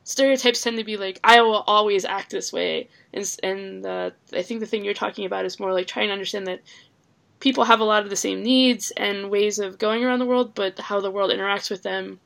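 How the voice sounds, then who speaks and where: A woman joins a podcast discussion, thinking aloud and choosing her words with some hesitation. Her voice has a noticeable gravelly fry. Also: mid-range voice, fairly even intonation, brisk.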